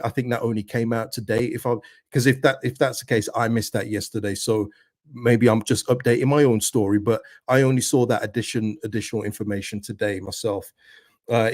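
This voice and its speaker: A man's voice: medium pitch, darkish tone, no room sound. Man, football channel host, casual chat, dry close mic. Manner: chatty, talks straight to viewers.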